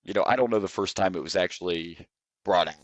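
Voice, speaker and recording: A man co-hosting a podcast that reviews wrestling, talking in a relaxed, rambling way with frequent chuckles. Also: low voice, fast, no room sound, highs cut off. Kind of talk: casual chat.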